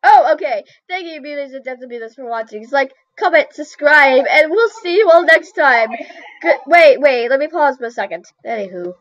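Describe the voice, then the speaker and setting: A woman's voice: sits high, expressive, moderate pace, fairly bright tone, no echo. A woman chatting casually as she draws, exclaiming and poking fun at her own mistakes, picked up on a computer mic. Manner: chatty, exclamatory, self-mocking. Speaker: drawing video host. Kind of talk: casual commentary while drawing. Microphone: computer mic via screen recorder. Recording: dull dry computer-mic recording.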